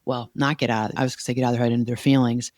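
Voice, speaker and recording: A woman's voice: very deep voice, flat delivery, very fast, a little mellow, dry recording, studio quality. A woman hosting a podcast as a therapist, talking earnestly and explaining, repeating key words as she goes. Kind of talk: conversational podcast chat.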